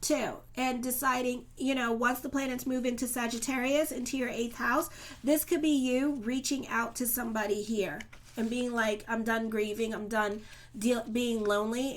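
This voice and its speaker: A woman with a slightly high voice reads tarot cards for her viewers in a relaxed, conversational way. She keeps her talk loose and colloquial, with plenty of "okay" and "you know". Her tone stays earnest and reassuring as she speaks directly to her audience. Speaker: astrologer and tarot reader. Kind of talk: casual tarot reading to camera.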